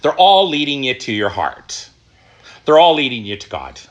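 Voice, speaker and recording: A middle-aged man telling his recovery story, emphatic and animated, asking questions and answering them himself. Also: medium pitch, normal speed. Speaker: recovery speaker. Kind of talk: personal testimony talk.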